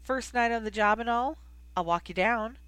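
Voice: mid-range voice, normal speed, fairly bright tone, clean tone, dry recording, pitched above the performer's own voice, natural voice. Feisty teasing young woman in an audiobook, read by the narrator, dry close sound. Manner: teasing, defiant. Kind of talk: audiobook character reading.

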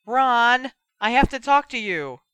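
A man's voice: on the high side, expressive, normal speed, sharp tone, no room sound. A man reading a story aloud and voicing an impatient, fiery teenage girl with a heated, pleading manner. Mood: yelling. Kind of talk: audiobook character voice.

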